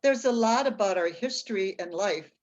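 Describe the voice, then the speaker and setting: A woman slowly reading prepared reflections aloud, point by point. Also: mid-range voice, expressive, darkish tone, dull audio. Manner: slow, deliberate, reads points aloud.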